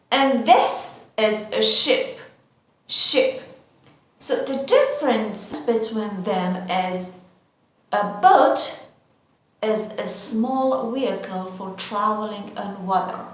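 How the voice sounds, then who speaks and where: A woman teaching English vocabulary, saying each word carefully and then repeating it. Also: mid-range voice. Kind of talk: vocabulary lesson for learners. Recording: very echoey room.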